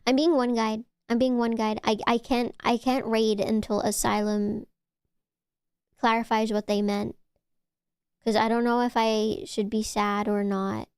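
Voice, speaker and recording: Woman livestreamer, casual chatty ramble with loose swearing; smooth, clean tone, dead-dry sound. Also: a little high, level tone, unhurried, no echo. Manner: rambling, playful, swears freely. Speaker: VTuber streamer.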